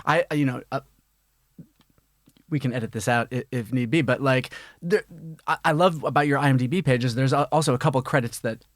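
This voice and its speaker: A man hosting a casual studio chat, halting with many ums and restarts as he builds his questions. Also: mid-range voice, no room sound. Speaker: podcast host.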